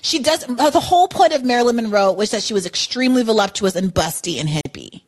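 A woman's voice: a little high, lively intonation, fast. A woman co-hosting a podcast in casual chat, opinionated and emphatic, with many "like"s and apologies. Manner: opinionated, emphatic, lots of "like" and "I'm sorry". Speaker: podcast co-host. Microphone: podcast mic.

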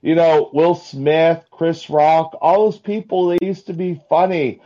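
A man calling in to a live talk show, telling jokes in a halting way with many restarts. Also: on the high side, steady tone, mellow. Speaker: caller. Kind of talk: casual call-in chat. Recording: dull lo-fi call-in line.

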